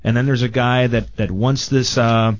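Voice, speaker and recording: A man chatting as a film critic guest on a radio show, animated and mock-quoting people. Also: medium pitch, moderate pace, dull audio. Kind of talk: casual radio banter.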